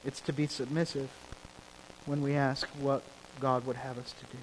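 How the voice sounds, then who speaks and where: A man preaching a sermon as pastor, building from quiet lines to emphatic ones and repeating key phrases. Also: medium pitch, flat delivery, moderate pace. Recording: hall reverb with faint rain hiss.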